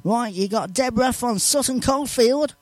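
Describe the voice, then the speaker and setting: A male radio presenter, reading out listener messages in a chatty, animated way and laughing between lines. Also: very high voice, normal speed, no room sound. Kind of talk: live radio shout-outs.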